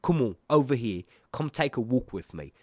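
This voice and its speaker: A man voicing a menacing male royal warrior who coaxes someone to walk with him, in a low, intimidating manner. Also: expressive, moderate pace, no echo, studio quality, natural voice.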